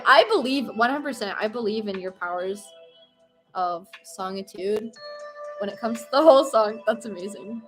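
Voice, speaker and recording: A woman's voice: medium pitch, expressive, moderate pace, faint music behind. A young woman streamer chatting casually and playfully with her viewers while she paints pumpkins. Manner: chatty and playful, reacting to chat.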